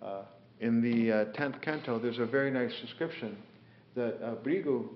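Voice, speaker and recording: A man's voice: medium pitch, moderate pace, slight background noise. A man teaching a scripture class, telling stories unhurriedly with many fillers and voicing the figures in them. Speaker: spiritual teacher. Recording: echoey room, dull lo-fi sound.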